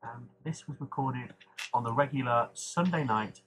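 A man's voice: mid-range voice, moderate pace. A man co-hosting a podcast, plainly announcing the next segment. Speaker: podcast co-host. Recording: audible hum.

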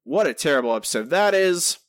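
Animated man co-hosting a podcast. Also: a little high, fairly quick, no room sound, studio quality. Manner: animated, argumentative, with frequent restarts. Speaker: podcast co-host. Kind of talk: casual podcast chat.

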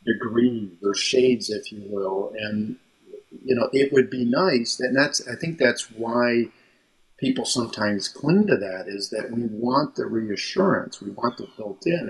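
A husky, medium-pitched man, a mental health counselor, is interviewed casually from home. He tends to ramble and start his sentences over.

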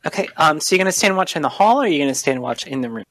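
This is a game master narrating a tabletop role-playing session at an ordinary middle pitch, often pausing on ums and restarting lines. The sound is close and completely dry. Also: expressive, fairly bright tone, no room sound. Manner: hesitant, many ums and restarts.

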